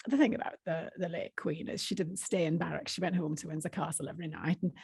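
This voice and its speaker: A woman's voice: sits low, steady tone, fast, gravelly, a little mellow, breathy edge, no room sound, pitched below the performer's own voice, full character voice. A woman voicing an elderly Yorkshire woman in her nineties who recalls her army days in a matter-of-fact, dry way, with a Yorkshire accent. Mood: recounting. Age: 90s.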